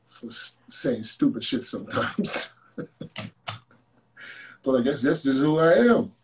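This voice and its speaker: A man running a live call-in stream in a loose, casual way. He talks bluntly and teases his callers, with swearing mixed in. His voice sits a little high for a man. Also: a little hiss or hum. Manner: blunt, joking, swears freely. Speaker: host of a live call-in show.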